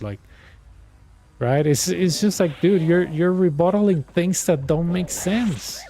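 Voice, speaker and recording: A man's voice: fairly high pitch, animated, a little slow, mellow. A man, a native Spanish speaker, retelling a story to his stream in a sarcastic, exasperated, rambling way. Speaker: streamer and coach.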